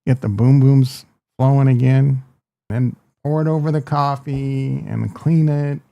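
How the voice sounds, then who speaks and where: A man's voice: mid-range voice, fairly even intonation, a little slow, creaky, no room sound, highs cut off. A man hosting a live stream, talking in a crude, joking, rambling way. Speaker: host. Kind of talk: casual live-stream chat.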